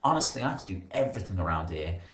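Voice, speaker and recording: A man voicing a sulky, spoiled girl in a storybook, whining about chores in drawn-out complaints. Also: low voice, very animated, a bit bright, roomy sound, a little hiss or hum.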